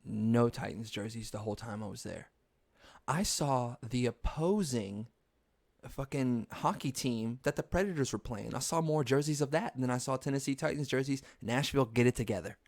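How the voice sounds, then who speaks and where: A man's voice: mid-range voice, normal speed, darkish tone, no room sound. A young man hosting a podcast, rambling through casual, profane stories and laughing at his own jokes. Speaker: podcast host. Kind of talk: casual storytelling monologue.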